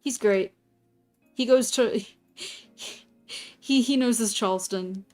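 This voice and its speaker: A woman's voice: on the high side, slow pace, darkish tone. A woman chatting casually with her stream audience while she draws, giggling often and reacting to chat. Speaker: live-streaming artist. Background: faint background music.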